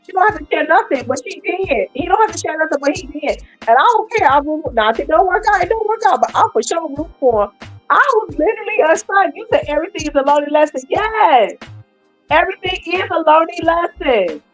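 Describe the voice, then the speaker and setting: Woman, high-pitched, live-stream commentary, animated, faint background music. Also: a little fast, low-quality recording. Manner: animated, talks to her viewers.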